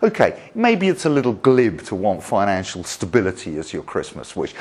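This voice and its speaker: A man from Britain lectures on history, his pitch rising and falling widely as he builds each point. He talks emphatically, pausing on rhetorical questions and asides, in the manner of a seasoned lecturer telling a story. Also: a little mellow.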